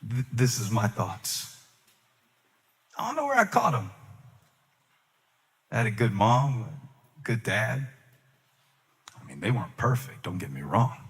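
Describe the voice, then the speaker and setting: A man preaching a sermon as a pastor, swinging between loud, sing-song peaks and hushed, low asides, with touches of humor. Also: big pitch swings, a little slow, pauses often, in a large hall.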